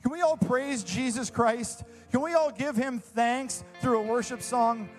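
A man's voice: very high-pitched, a little slow, soft background music. A young man preaching a sermon as a youth pastor, earnest and enthusiastic, repeating phrases for emphasis.

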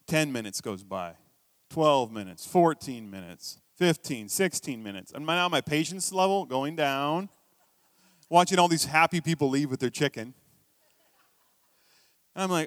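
A middle-aged man preaching a sermon as a pastor, telling stories in a conversational way, with quiet asides and sudden emphatic bursts. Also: a little high, animated, moderate pace, no room sound, studio quality.

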